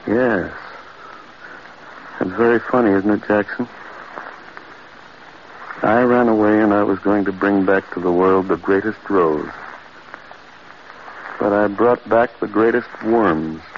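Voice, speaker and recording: An actor playing a frantic, grief-stricken man who shouts and breaks into cries, in 1940s radio acting style. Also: lowish voice, steady tone, slow pace, pauses often. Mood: bitter. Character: man haunted by a horror, frantic and grieving. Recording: muffled old radio recording with hiss.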